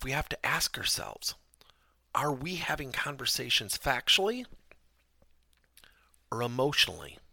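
A man's voice: on the low side, vocal fry, sharp tone, husky, no echo, studio quality. A man hosting a podcast lesson, telling personal stories and asking the listener emphatic rhetorical questions. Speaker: podcast host and workplace trainer.

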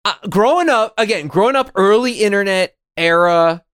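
Male co-host, 30s, rambling, profane, restless; voice sits a bit high with lively swings. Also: normal speed, smooth. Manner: rambling, swears freely, many restarts. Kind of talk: casual chat.

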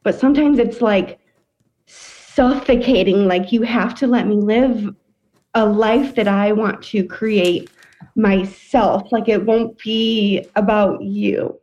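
A woman's voice: mid-range voice, fairly even intonation, slow pace, a little mellow, dull audio. A young woman in her twenties, a caller and new mother, talking casually with lots of "like" fillers. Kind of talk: casual talk.

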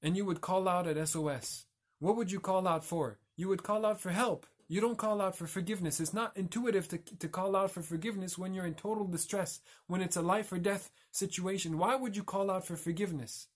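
A man's voice: high-pitched, steady tone, brisk. A man giving a reflective religious talk as a teacher, explaining and carefully pronouncing Arabic terms.

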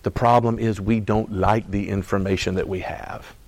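A man's voice: lowish voice, fairly even intonation, normal speed, a little mellow, no room sound. A man preaching a sermon in a conversational style, acting out quoted voices and laughing as he goes. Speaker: pastor.

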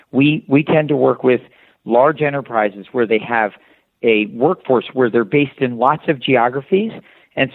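A man, a company founder, answering interview questions at length, explaining with examples and frequent restarts. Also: mid-range voice. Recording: tinny phone line, dry.

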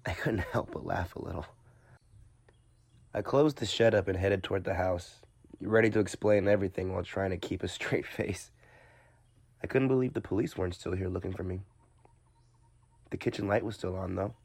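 A man narrating a first-person horror story, tense and hushed at times, urgent at others. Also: deep voice, moderate pace, gravelly, long pauses, breathy edge. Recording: music bed under the narration.

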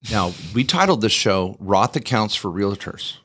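A man's voice: on the low side, measured pace, slightly rough. A man co-hosting a podcast, telling a story in a casual, jokey way and acting out the people in it. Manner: animated, jokey storyteller who acts out quoted people. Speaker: podcast co-host.

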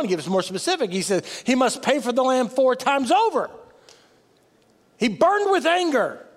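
A man preaching a sermon as a pastor, emphatic, swinging from loud peaks down to low, soft passages. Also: big-room sound.

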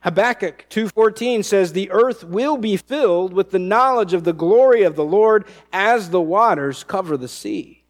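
A man's voice: sits high, animated, moderate pace, hardly any pauses. A man preaching a verse-by-verse sermon, reading scripture aloud and explaining it with frequent restarts. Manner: teaching, reads scripture aloud, many restarts. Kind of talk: expository sermon.

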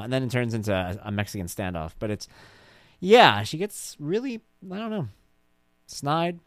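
A middle-aged man tells stories about his daughter in a casual, animated, jokey monologue, acting out her voice with high squeals. He speaks at a moderate pace, and the recording is dry with clean studio sound.

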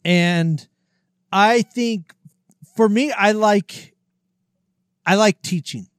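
Blunt man, higher voice, dry close mic. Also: drawn-out words, clear, resonant tone, no room sound. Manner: blunt, swears freely, jokes about himself. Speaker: podcast co-host. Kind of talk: casual chat. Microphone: close podcast mic, breathes into it.

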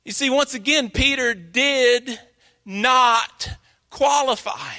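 A man preaching a sermon in a church, with slow, dramatic emphasis. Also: extremely high pitch, pushed and bright. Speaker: pastor. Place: church sanctuary.

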